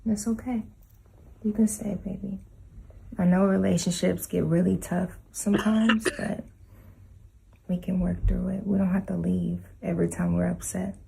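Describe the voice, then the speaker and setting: Sketch: actress as clingy, possessive girlfriend, low gravelly voice, insistent pleading. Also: level tone, normal speed, mellow, a little hiss or hum, poor audio. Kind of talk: comedy sketch acting.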